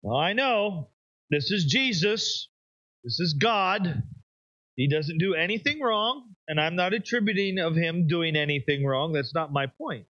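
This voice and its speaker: Emphatic preacher with a swooping delivery. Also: male voice, a little high, lively intonation, a little slow, fairly bright tone, no room sound, highs cut off. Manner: emphatic, rises and drops sharply for effect. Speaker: pastor. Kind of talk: sermon.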